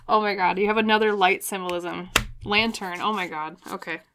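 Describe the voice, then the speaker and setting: A woman giving a pick-a-card tarot reading, chatty and excitable, talking straight to her viewers. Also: mid-range voice, normal speed, slight background noise. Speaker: tarot reader.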